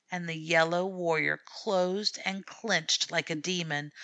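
A woman narrating a storybook in a measured, expressive reading voice. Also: fairly low pitch, dry recording. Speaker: audiobook narrator.

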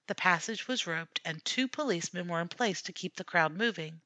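A woman narrating a classic story as an audiobook, measured and steady. Her voice sits fairly low yet sounds bright and forward. The recording is dry and close, with no room sound. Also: dry recording.

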